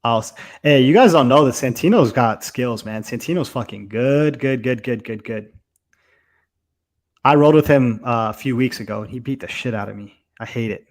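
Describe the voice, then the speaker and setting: This young man's mid-range voice has a darkish tone and moves fairly quickly with few pauses. Co-hosting a fight watch-along, he delivers casual live commentary that's loose, profane, and heavy on fillers.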